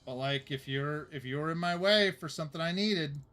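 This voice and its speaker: A man's voice: on the high side, normal speed, sharp tone. A young man, a streamer, telling a story in a rambling, casual way, with fillers and laughs.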